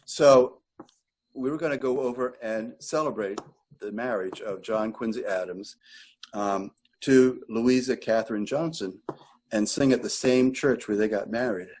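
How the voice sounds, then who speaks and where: A husky-voiced older man, a retired choir director, spins a long, meandering story in an easygoing interview. He stops now and then to fix a date or a detail. His voice sits at an ordinary middle pitch. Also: measured pace, darkish tone, poor audio. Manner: chatty, rambling anecdotes with self-corrections.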